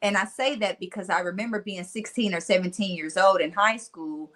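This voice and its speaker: A middle-aged woman with a Mississippi accent and a country twang, a motivational speaker chatting as a guest, animated and laughing often. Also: mid-range voice, brisk. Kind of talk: casual storytelling interview.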